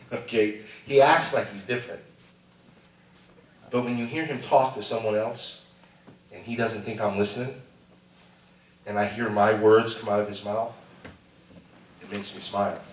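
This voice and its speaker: Hombre predicador, iglesia con eco. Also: male voice, on the low side. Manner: animated preaching, swinging from loud to hushed. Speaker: pastor. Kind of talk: sermon. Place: church sanctuary. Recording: echoey church sound from a distant mic.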